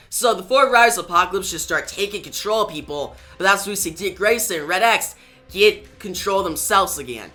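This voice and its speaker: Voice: mid-range voice, pushed and bright. A channel host recapping a comic book story in a casual, eager storytelling manner, reading the characters' quotes aloud as the recap goes.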